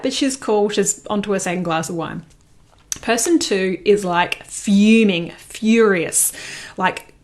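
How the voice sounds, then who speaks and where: Chatty woman giving a motivational talk. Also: mid-range voice. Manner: conversational, repeats herself, frequent "right?". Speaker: motivational speaker.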